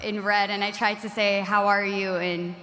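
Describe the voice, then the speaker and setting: A woman's voice: mid-range voice, little pitch movement, normal speed, fairly bright tone, big-room sound. A woman from New York City asking a panel a question, friendly and talkative. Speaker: audience member asking a question.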